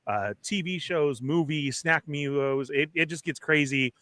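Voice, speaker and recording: A man hosting a casual livestream show, welcoming viewers with energetic hype. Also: fairly high pitch, measured pace, dry recording. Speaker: podcast host.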